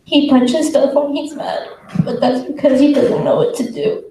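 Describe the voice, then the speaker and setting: A teenage girl reading her own poem aloud at a school event, soft-spoken with a nervous laugh. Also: high-pitched, fairly even intonation, moderate pace. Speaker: student poet. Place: school auditorium. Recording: echoey hall from far off, faint noise.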